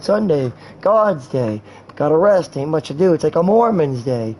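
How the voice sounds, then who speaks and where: Crude joking streamer dude, kinda high voice, faint noise behind him. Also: male voice, gravelly, mellow, poor audio. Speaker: gaming streamer. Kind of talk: rambling game commentary with improvised rhymes.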